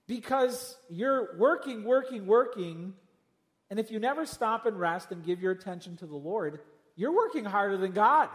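A man preaching a sermon to a congregation, animated, with rhetorical questions and humorous asides. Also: high voice. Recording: long hall reverb.

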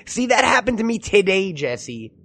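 A man hosts a loose, comedic podcast with a slightly raised voice. He jokes, swears freely and slips into quick impressions as he riffs. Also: high-pitched, very animated, a bit bright, no echo. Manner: joking, profane, riffing impressions. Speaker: podcast host. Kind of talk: casual comedic chat.

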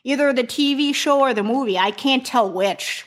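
A woman's voice: sits high, moderate pace. A woman from Chicago co-hosting a TV podcast, chatting casually in an enthusiastic, profane way and often restarting her sentences. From Chicago, USA. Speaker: podcast co-host. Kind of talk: casual chat.

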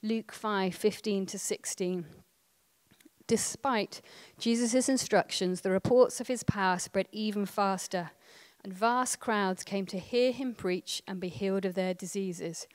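Chatty woman teaching. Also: medium pitch. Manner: chatty, with tag questions and quick asides. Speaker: prayer ministry trainer. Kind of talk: conversational teaching talk.

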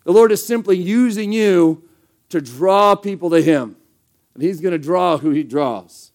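High-voiced man preaching, emphatic and conversational. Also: measured pace, darkish tone. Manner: conversational and emphatic, rhetorical questions. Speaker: pastor. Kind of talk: sermon.

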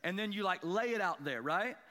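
A man preaching a sermon, telling a self-deprecating fishing story and building to excited emphasis. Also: high-pitched, a little fast, big-room sound. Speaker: pastor. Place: church sanctuary.

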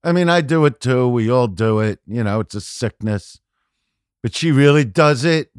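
A man's voice: medium pitch, normal speed, smooth, no room sound, studio quality. Profane, rambling man telling stories. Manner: profane, rambling, full of "you know"; animated, often shouting punchlines. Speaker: podcast guest. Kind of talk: casual storytelling chat.

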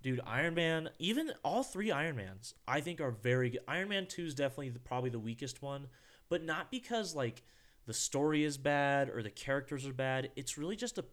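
A man's voice: mid-range voice, expressive, a little fast, a bit bright. A man co-hosting a podcast in casual chat, rambling and restarting his sentences, swearing now and then. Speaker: podcast co-host.

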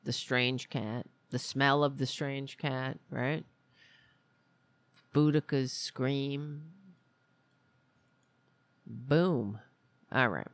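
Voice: medium pitch, fairly even intonation, drawn-out words, long pauses, no room sound. A podcast host in casual political talk, rambling and grumbling with lots of restarts, sounding irritable.

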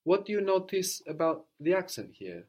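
A man's voice: high voice, sing-song, normal speed, a little mellow, husky. A man teaching a language lesson, patiently prompting a student and repeating model phrases.

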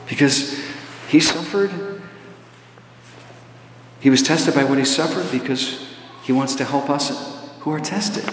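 A man's voice: medium pitch, gravelly, a little hiss or hum. Man preaching in an echoey church. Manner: lively preaching with rising emphatic runs and filler uhs. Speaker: priest. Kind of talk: sermon. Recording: echoey church hall, faint ambience.

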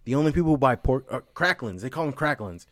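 A man's voice: medium pitch, fast, dry recording, studio quality. A man from California, chatting loosely as a podcast co-host, swearing freely and telling stories with animation. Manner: profane, animated storytelling. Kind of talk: casual chat.

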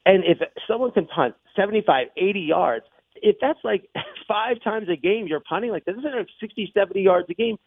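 Gravelly excitable man on sports radio. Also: sits high, moderate pace, dry recording. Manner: excitable, rambling. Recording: tinny phone-like broadcast audio.

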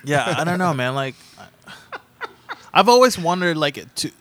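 A man's voice: fairly high pitch, very animated, measured pace, fairly bright tone. A young man in a band, talking in a laid-back, rambling way with lots of fillers. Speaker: band member. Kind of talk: casual podcast chat.

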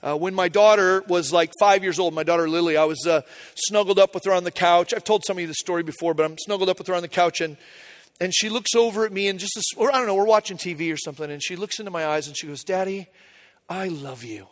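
Pastor, male, high voice, loose conversational sermon, funny storyteller. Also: fast. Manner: informal, storytelling with humor.

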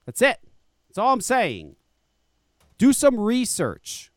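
A man's voice: very high voice, wildly swooping pitch, slow, dry recording, clean studio sound. A man hosting a live talk show, ranting angrily and profanely, mocking others in quoted voices.

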